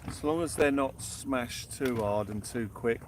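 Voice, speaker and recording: Chatty man, slow, noisy outdoors. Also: medium pitch. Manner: sings snatches of songs between chat; greets viewers by name. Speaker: fishing livestream host. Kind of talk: casual live fishing stream chat. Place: outdoors on the shore at night.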